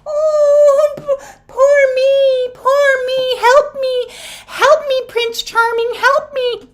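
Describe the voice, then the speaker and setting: A woman's voice: very high voice, flat delivery, extremely slow, voice pushed up, full character voice. A woman voicing a helpless young fairy-tale maiden in distress in a whiny, pleading, mocking way. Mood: whimpering.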